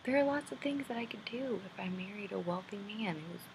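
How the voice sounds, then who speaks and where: A woman's voice: mid-range voice, animated, fairly quick, gravelly, a little mellow, slight background noise. A woman in her twenties talking to a camera in a video letter to a friend, rambling, candid and self-deprecating. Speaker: vlogger.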